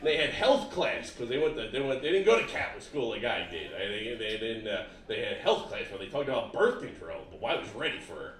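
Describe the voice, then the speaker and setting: A man's voice: fairly low pitch, very animated, a little fast, few pauses, a bit bright. A middle-aged man doing a stand-up comedy set, punchy and exaggerated, putting on voices for his family. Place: comedy club stage with live audience. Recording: roomy club sound from a distance, audience laughter.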